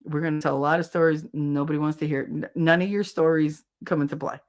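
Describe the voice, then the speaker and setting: A woman voicing her stern old grandmother, who hushes a child with curt, low, quiet commands. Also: fairly even intonation, quick pace, close to an everyday voice.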